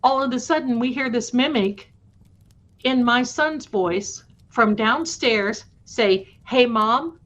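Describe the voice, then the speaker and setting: A woman hosting a live stream tells spooky stories casually, chatting affectionately with her viewers in a voice on the high side, slow-paced and a bit bright. The stream audio is dull and lo-fi.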